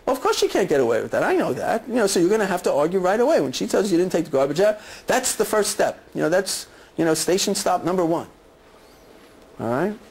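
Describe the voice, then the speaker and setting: Guy with a high voice teaching therapy stuff, chatty, lots of "okay? right?". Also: big pitch swings, fast, husky, poor audio. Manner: conversational, repeats "okay" and "right" often. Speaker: clinician teaching a class. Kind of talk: lecture with role-play examples.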